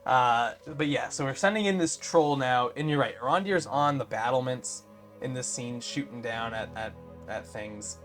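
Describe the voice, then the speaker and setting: A man co-hosting a casual review chat, animated and exasperated, with lots of fillers and restarts. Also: medium pitch, moderate pace, faint music behind. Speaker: podcast co-host.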